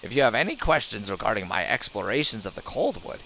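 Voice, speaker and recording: A man's voice: fairly low pitch, very animated, quick pace, pushed and bright, slight background noise, heavily acted. A man reading out a dutiful, formal male scout. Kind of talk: reading game dialogue aloud.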